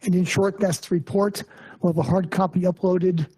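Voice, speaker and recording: A man with a high, hoarse voice delivers a committee report at a local council meeting. His tone is dark and mellow, with a husky edge. He moves methodically from one numbered item to the next. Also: steady tone, moderate pace, low-quality recording. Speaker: finance committee member.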